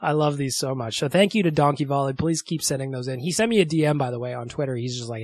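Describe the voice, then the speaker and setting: A man's voice: mid-range voice, fast talker, darkish tone, no echo. A man hosting a solo podcast, chatty and upbeat, laughing often. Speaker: podcast host. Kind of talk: casual solo podcast talk.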